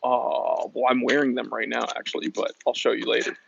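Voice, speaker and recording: A man's voice: medium pitch, flat delivery, brisk, creaky, a bit bright, breathy edge, muffled recording. A man hosting a casual livestream outdoors, chatting and greeting viewers as he reads their comments aloud. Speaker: livestream host. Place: outdoors in the shade.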